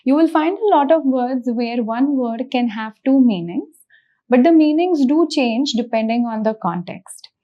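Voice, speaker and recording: A woman teaching a beginner language lesson, explaining slowly and patiently and repeating each example. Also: high voice, lively intonation, lo-fi sound.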